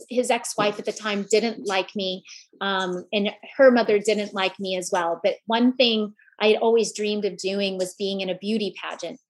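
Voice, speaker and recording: A woman from Kansas giving an impassioned motivational speech, mixing rallying repeated phrases with personal storytelling. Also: mid-range voice. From Kansas, USA. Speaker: motivational speaker. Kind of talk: motivational speech to a live audience.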